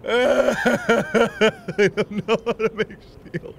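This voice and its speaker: A man hosting a let's play video, talking through the game as he plays. He is excitable and swings from loud squeals to muttered asides. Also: high voice, drawn-out words, gravelly, slight background noise. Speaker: gaming channel host.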